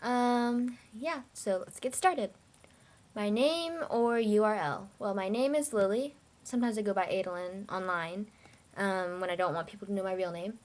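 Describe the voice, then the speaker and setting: A woman's voice: medium pitch, normal speed. A young woman from China, talking casually and reading out a word list for her vlog, hesitant with many fillers.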